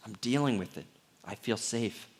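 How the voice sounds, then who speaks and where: A man's voice: on the low side, moderate pace. Candid, conversational male pastor preaching. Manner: candid, conversational preaching with soft, hushed moments. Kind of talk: sermon.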